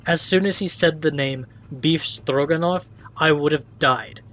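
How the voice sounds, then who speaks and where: A man's voice: fairly high pitch, a little slow, fairly bright tone, low-quality recording. Joking male game streamer. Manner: joking, chatty asides. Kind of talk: game livestream commentary.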